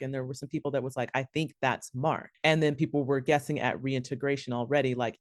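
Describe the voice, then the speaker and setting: A podcast co-host chatting casually and lively, acting out imagined dialogue. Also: mid-range voice, no room sound, clean studio sound. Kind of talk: casual chat.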